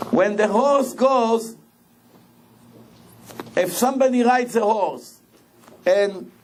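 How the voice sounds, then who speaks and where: A rabbi preaching a sermon, telling stories in an animated way and repeating phrases for emphasis. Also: male voice, very high voice. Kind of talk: sermon with storytelling.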